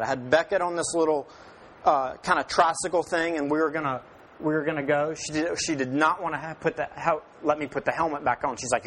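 A man in his thirties tells a funny story about his own parenting to a room of listeners. He mocks himself and throws himself into the dialogue, quoting each person in a lively voice. His voice sits a little high for a man, and a faint hum runs behind him. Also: fairly quick. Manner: self-mocking, acts out dialogue in lively voices. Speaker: father telling a personal story to an audience.

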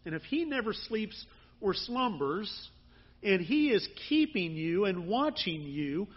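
A man delivers a sermon in a conversational, earnest way, his emphasis rising now and then. His voice sits high and comes out husky. The recording sounds a little muffled. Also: sing-song, slow. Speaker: pastor.

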